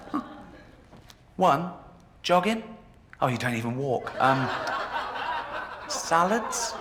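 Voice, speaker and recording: Brief: male stand-up comic, mid pitch, snide mocking put-downs, noisy game-audio club sound. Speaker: stand-up comedian. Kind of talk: stand-up routine. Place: comedy club in a video game.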